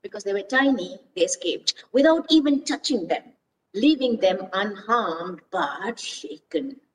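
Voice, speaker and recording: A woman reading a children's story aloud, expressive and asking her listeners questions. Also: medium pitch, measured pace, a little hiss or hum. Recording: voice distant from mic.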